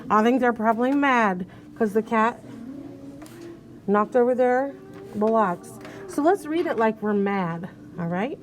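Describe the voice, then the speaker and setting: A woman's voice: on the high side, expressive, a little slow, long pauses, soft background music. A woman teacher leading young children through a reading lesson, patient and coaxing, sounding out letters one at a time.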